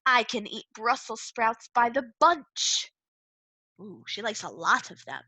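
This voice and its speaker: Lively, bright-voiced woman teacher. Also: fairly high pitch, a little slow, husky, dry recording. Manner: animated, playful, laughs often. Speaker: second-grade teacher. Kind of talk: remote reading lesson for children.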